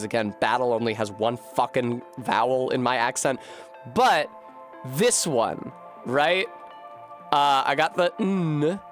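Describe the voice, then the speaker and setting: A man streaming a game, thinking out loud in a rambling way, swearing freely and running himself down. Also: mid-range voice. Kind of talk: casual live-stream commentary.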